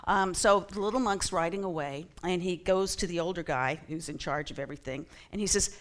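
A woman's voice: fairly low pitch, a little fast, few pauses. A middle-aged woman speaking to a church congregation in a chatty, self-deprecating way, with frequent ums. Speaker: church member giving a talk. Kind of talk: casual sermon talk to a congregation. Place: church sanctuary.

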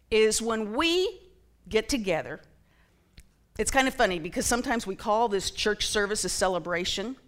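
In a church sanctuary, a middle-aged woman with a mid-range, slightly bright voice gives a casual sermon-style talk to the congregation as a church member. She speaks in a chatty, self-deprecating way and says "um" often.

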